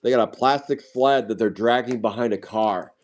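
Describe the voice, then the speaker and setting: A man's voice: mid-range voice, normal speed. A man chatting casually while opening trading card packs on a live stream, drifting into rambling side stories. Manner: rambling, sidetracked anecdotes.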